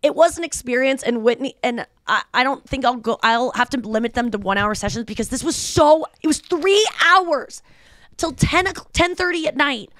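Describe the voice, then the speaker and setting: In clean studio sound with no room sound, a woman in her thirties hosts a podcast, her voice sitting high at a moderate pace. She tells a story through casual chat, animatedly playing the voices of its characters.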